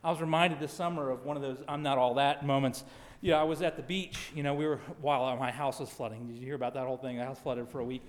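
A middle-aged man preaching a sermon, reading scripture emphatically and dropping to quiet asides. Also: medium pitch, steady tone, quick pace. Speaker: pastor. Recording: long hall reverb.

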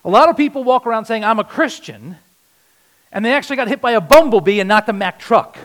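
A man preaches with a notably high voice. He swings between loud, punchy lines and quiet, earnest ones. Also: expressive, fast talker. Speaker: pastor. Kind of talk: sermon.

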